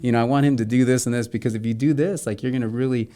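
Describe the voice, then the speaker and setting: A middle-aged man who is a guest in a casual conversation, telling stories with lively acted-out dialogue. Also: mid-range voice, rapid-fire. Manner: animated storyteller, acts out quoted dialogue.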